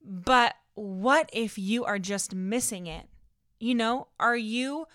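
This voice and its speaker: A woman's voice: fairly high pitch, slow pace, fairly bright tone, no room sound, studio quality. A young woman with a Californian Valley girl accent, hosting a casual solo podcast and telling a story in a bubbly, dramatic way, laughing often and saying "like" a lot. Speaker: podcast host.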